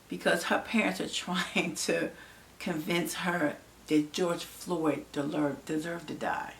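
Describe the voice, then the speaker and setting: A woman's voice: fairly low pitch, unhurried, vocal fry, a little mellow, recorded from a distance, a little hiss or hum. An emotional woman giving impassioned vlog commentary to her viewers, rambling with many fillers and restarts. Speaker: vlogger.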